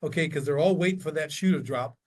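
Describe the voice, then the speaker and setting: A man who coaches contractors, talking in a casual interview and telling stories with lively, acted-out quotes. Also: a little high, fast. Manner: animated storyteller, acts out quoted lines.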